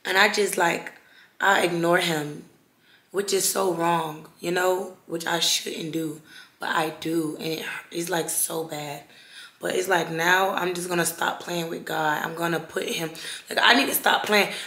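A young woman talks straight to her viewers in a slightly low voice, halting and repeating herself with fervent feeling. Her voice rings a little in an echoey room. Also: fairly even intonation, sharp tone. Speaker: vlogger. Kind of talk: emotional personal vlog talk.

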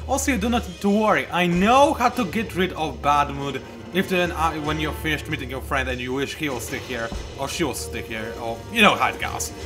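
A man, chatting casually and rambling off topic while commenting on a game he plays at home. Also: on the high side. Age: 20s. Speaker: let's play host. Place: home room.

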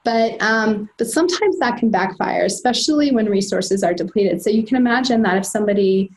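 A woman's voice: mid-range voice, fairly quick, darkish tone, poor audio. A woman giving a recorded slide lecture on trauma and resilience, with frequent fillers and restarts. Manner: hesitant, many fillers and restarts. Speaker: presenter at a telehealth training.

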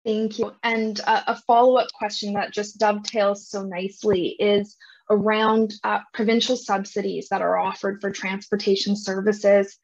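A woman's voice: medium pitch, level tone, moderate pace. A woman moderating a virtual summit over a video call, gracious and hesitant, with many uh fillers. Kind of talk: hosting a virtual event. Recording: dull lo-fi call audio.

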